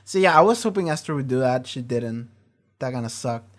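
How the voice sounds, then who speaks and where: A man talks through a show in loose reaction commentary, his voice sitting in an ordinary middle pitch. He swears freely and trips over restarts as he rambles from his home streaming setup. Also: brisk. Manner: animated, profane, rambling with restarts.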